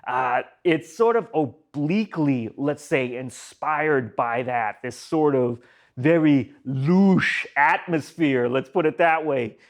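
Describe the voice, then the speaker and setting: A man's voice: medium pitch, slow. A man giving a casual, enthusiastic spoken album review, rambling with fillers and asides. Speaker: music reviewer.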